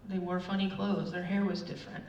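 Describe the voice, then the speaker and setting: A middle-aged woman with a lowish voice speaks briskly as she delivers a casual sermon at church. She tells chatty, animated personal stories packed with fillers. The recording sounds roomy, distant and dull, with faint room noise.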